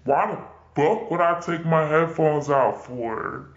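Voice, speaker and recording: Woman doing a sullen teenage boy, deep and dismissive, roomy dull recording. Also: lively intonation, slow pace, faint music behind. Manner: dismissive, snippy. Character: rude sullen teenage boy, about seventeen.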